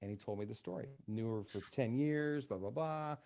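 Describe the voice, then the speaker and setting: In a casual podcast conversation styled like easygoing radio, a man who works as a counselor tells stories as a guest and acts out the quoted lines. His voice sits at medium pitch and is brisk and a little mellow.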